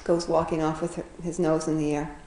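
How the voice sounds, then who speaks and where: Woman, casual storyteller, lowish pitch, mellow tone, roomy echo, faint background noise. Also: little pitch movement, fairly quick. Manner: chatty, laughs often, frequent fillers and restarts. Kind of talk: casual retelling of a children's fable.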